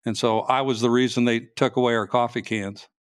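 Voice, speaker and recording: A man, a state trooper, telling his story in a casual interview, halting and restarting sentences as he goes. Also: mid-range voice, level tone, no room sound, clean studio sound.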